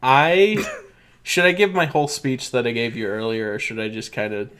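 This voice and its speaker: A man's voice: mid-range voice, steady tone, normal speed, a bit bright. A young man co-hosting a podcast in casual chat, rambling and laughing often as he corrects himself. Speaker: podcast co-host.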